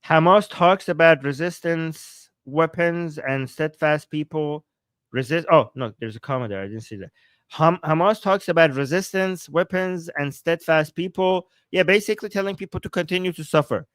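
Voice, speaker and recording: A man from Iran speaks English, hosting a live political stream and reacting to the chat with sarcasm and quick laughs. His voice sits a little high for a man. The sound is dry and close to the mic. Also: smooth, no echo. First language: Persian. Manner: animated, sarcastic, laughs often, reads chat aloud. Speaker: political commentator and livestream host.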